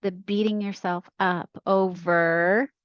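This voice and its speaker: A woman's voice: lowish voice, fairly even intonation, slow, dry recording, highs cut off. A middle-aged woman, a coach and podcast guest, chatting casually and affirming often with "right" and "you know". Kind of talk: casual conversation.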